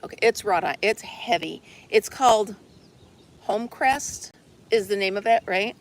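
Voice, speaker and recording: A woman's voice: medium pitch, normal speed. A woman chatting casually with her viewers outdoors on a deck, rambling and laughing often. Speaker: livestream host.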